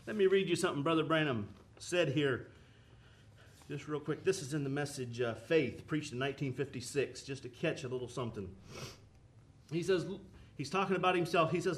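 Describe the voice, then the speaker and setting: A man's voice: a little high, animated, a little fast, a bit bright. A man preaching a sermon with an impassioned, rising and falling cadence, quoting scripture.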